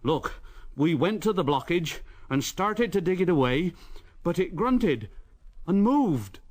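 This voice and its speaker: A man's voice: sits high, sing-song, slow pace, a little mellow, pitched above the performer's own voice, heavily acted. A man voicing a group of frightened, stubborn workmen in a raised, insistent voice.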